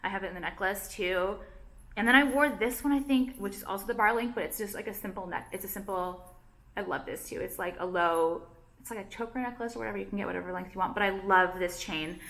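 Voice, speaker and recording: A young woman talks straight to her camera in a loose, rambling vlog. Her voice is bright and forward, and she keeps breaking off her own sentences with nervous restarts and "like". She sounds anxious and self-conscious as she chats. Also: mid-range voice, fast talker. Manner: rambling, self-interrupting, heavy use of "like", anxious. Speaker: vlogger and jewelry designer. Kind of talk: casual rambling chat to camera.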